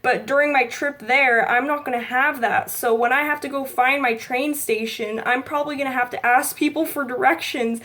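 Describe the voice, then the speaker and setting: A woman's voice: high-pitched, steady tone, normal speed, hardly any pauses, pushed and bright. A woman, chatting casually to camera in a rambling vlog full of likes and ums. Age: 20s. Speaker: vlogger.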